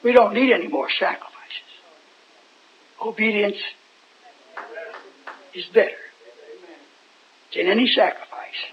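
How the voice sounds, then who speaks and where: A man with a very high voice preaches a loose, rambling Bible sermon in a folksy way. He keeps stopping to put questions to the people listening. The sound is dull and lo-fi. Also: a little slow, pauses often, a little hiss or hum. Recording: dull lo-fi recording.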